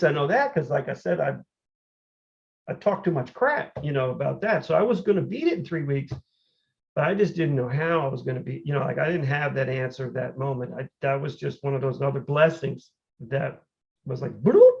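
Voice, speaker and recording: A man, a podcast guest, telling his story in a casual, animated way, full of "like" and "you know". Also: fairly high pitch, creaky. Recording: dull, lo-fi audio.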